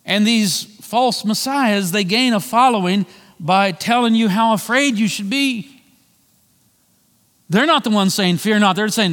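A male pastor delivering a sermon, swinging between loud emphatic lines and quiet drawn-out phrases. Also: in a large hall. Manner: preaching with wide swings of pitch and volume, slowing for emphasis.

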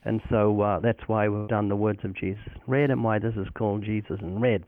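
A man's voice: lowish voice, fairly even intonation, a little fast, no echo. A man speaks as an evangelist guest, preaching with earnest conviction and acting out short exchanges between himself and others. His voice arrives over a tinny, phone-like line. The sound is dry, with no room around it. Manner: earnest preaching delivery, quoting scripture and acting out dialogues. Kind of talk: recorded phone interview about faith.

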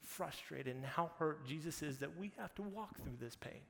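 A man's voice: a little high, expressive, moderate pace, vocal fry, a bit bright. A man preaching a casual sermon, retelling scripture in conversational everyday slang. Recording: reverberant hall, faint background noise.

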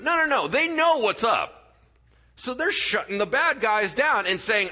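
A male pastor preaching a sermon in church, telling stories with acted-out voices and dropping to quiet, earnest tones for his key points. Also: sits high, a little slow, pauses often. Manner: animated storyteller, acts out voices and sound effects. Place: church sanctuary.

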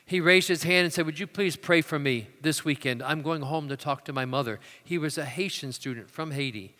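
A man preaching a sermon, moving between loud emphatic declarations and quiet, hushed storytelling. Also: on the high side, fairly quick. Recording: long hall reverb.

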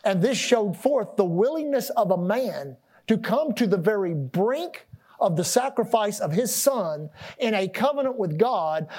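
A man preaching a sermon, asking the congregation questions and repeating words as he builds his points. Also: high voice. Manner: animated preaching with call-and-response questions; repeats and restarts words, rising and dropping loudness. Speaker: pastor.

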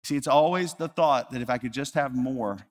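A male pastor preaching a sermon, earnest, rising to loud emphasis and dropping to hushed, slow repetition. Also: medium pitch. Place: church sanctuary. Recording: reverberant church hall.

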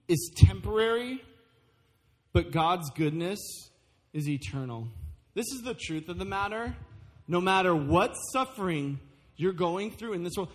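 A man preaching a sermon in a church, earnest and emphatic, easing into a soft pleading tone with the congregation. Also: high voice, animated, measured pace. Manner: earnest, rising to emphatic, then softly pleading. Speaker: pastor. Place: church sanctuary. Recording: church service audio with music underneath. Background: worship music.

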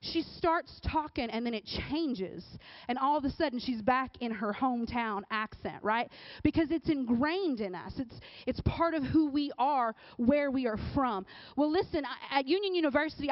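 A woman giving a casual, conversational sermon, often checking in with the crowd with a quick "right?". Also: high voice, expressive, dry recording. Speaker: speaker at a church or youth service. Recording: dull, dry recording.

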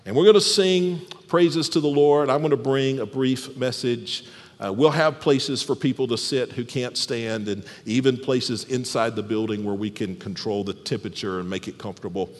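A man preaching a sermon as pastor, animated, often dropping soft and low for emphasis. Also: normal speed. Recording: long hall reverb.

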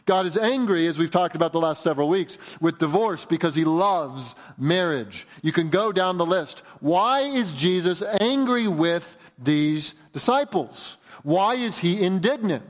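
A male pastor preaching an earnest, emphatic sermon in a church, moving between raised and hushed delivery. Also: high-pitched. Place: church sanctuary. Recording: reverberant church hall.

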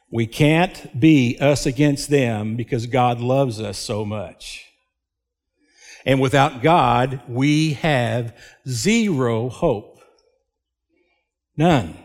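A man preaching a sermon as a pastor, slow and emphatic, with dramatic pauses. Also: mid-range voice. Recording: long hall reverb.

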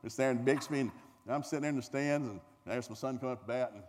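A middle-aged man with a Southern US accent telling a comic family story to a live audience in a folksy, animated way. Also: fast talker. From American South. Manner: folksy, animated, acts out voices, climbs high when excited. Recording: reverberant hall with faint noise.

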